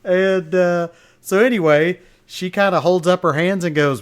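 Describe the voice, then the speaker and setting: A man talks through a casual solo podcast, rambling from one thought to the next and chuckling as he goes. His voice sits a bit higher than most men's, and he leans on plenty of ums and uhs. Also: steady tone, unhurried, smooth. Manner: rambling storyteller, chuckling, many fillers. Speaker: podcast host.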